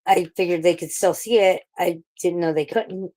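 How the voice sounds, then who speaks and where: Woman, St. Louis native, slightly low voice, casual profane ranter on a stream panel. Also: a little slow, warm tone. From St. Louis, USA. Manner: profane, ranting, rambling with restarts. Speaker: livestream panel participant. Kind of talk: casual livestream chat.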